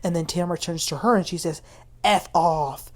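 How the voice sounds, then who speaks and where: A woman recapping a reality TV episode in a chatty, gossipy way, talking straight to her viewers as if they were friends. Her voice sits a bit low for a woman and bounces with quick asides. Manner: chatty and gossipy, addresses viewers as "you guys". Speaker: TV recap host. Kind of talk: casual reality-show recap.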